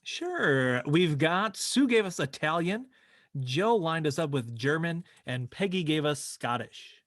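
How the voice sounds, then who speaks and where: A man reading audience suggestions in an easygoing way. His pitch moves a lot and he speaks slowly. The sound is dry and close. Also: very animated, fairly bright tone, no echo. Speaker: improv show assistant reading audience chat. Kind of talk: live show chat.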